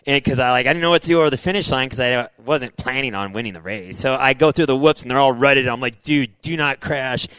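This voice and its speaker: A middle-aged man spins stories from his racing days with restless energy, tossing "dude" and "like" into almost every line. His voice sits at an ordinary pitch. The recording is dry and close, with no room sound around it. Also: fast, few pauses, clear, resonant tone, no echo, low-quality recording. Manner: excitable, says "dude" and "like" a lot, acts out his own past thoughts. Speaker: interview guest, former motocross racer. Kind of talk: animated storytelling in casual interview.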